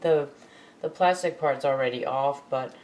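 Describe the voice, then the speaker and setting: A woman's voice: rumbling low, unhurried, darkish tone, a little hiss or hum. A woman vlogger at home, thinking aloud in a rambling, chuckling way while she repairs her computer. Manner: rambling, self-talking, chuckling. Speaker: crafting vlogger. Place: home room.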